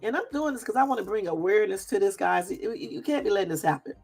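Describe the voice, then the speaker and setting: Exasperated gravelly woman ranting on a live. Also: mid-range voice, expressive, fast talker, darkish tone, dry recording, faint music behind. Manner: exasperated, blunt and repetitive, casual swearing. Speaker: channel host. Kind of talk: casual live commentary on news clips.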